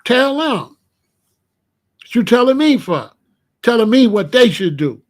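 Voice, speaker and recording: A male commentary channel host delivers a casual monologue of street stories in blunt, profane language, speaking at normal speed with a sing-song lilt. When recounting danger, he drops to low, quiet tones.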